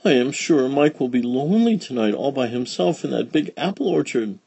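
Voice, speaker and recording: A man reading a children's storybook aloud, voicing an eager, tender little girl in a high, pleading voice. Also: expressive, normal speed, creaky, warm tone, breathy edge, dry recording. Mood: wistful.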